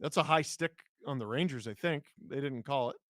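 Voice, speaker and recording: A man with a hoarse cold-roughened voice, hosting a live hockey watch-along, calling the play rapidly and reading chat with sudden excited shouts. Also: mid-range voice, no echo.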